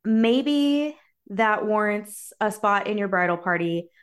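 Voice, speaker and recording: A woman's voice: mid-range voice, expressive, slow, clean tone. A woman co-hosting a wedding advice podcast, candid and chatty in casual talk. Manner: candid, chatty, uses y'all. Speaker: podcast co-host.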